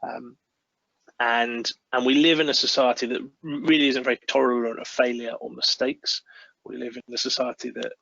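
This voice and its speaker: Male guest, bright forward tone, dry dull video-call sound, earnest. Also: mid-range voice, flat delivery, normal speed, vocal fry, dry recording. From United Kingdom. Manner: earnest, acts out parent-child dialogues. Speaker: guest speaker on parenting. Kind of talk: webinar talk.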